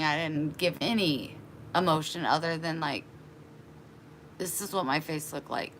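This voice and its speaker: Woman vlogger with a bright, forceful voice on the low side, casually retelling a story with animated exasperation. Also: moderate pace, a little hiss or hum. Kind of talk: casual storytelling to a live chat.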